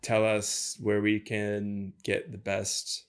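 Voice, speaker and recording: A man's voice: lowish voice, completely flat delivery, takes it slowly, smooth. A man hosting a podcast in casual chat, teasing his co-host, laughing often and steering the segment.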